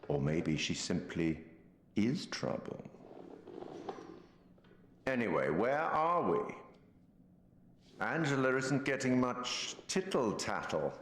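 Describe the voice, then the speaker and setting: An actor playing a mysterious, urbane male storyteller with a theatrical, measured delivery. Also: medium pitch, sing-song, a bit bright, a little hiss or hum. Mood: sly. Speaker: game narrator. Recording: roomy hall reverb.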